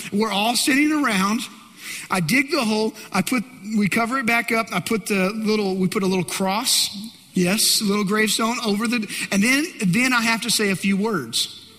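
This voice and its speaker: A man's voice: sits high, bright, forceful tone. A middle-aged man preaching a sermon as a pastor, telling stories animatedly and with humor. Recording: long hall reverb.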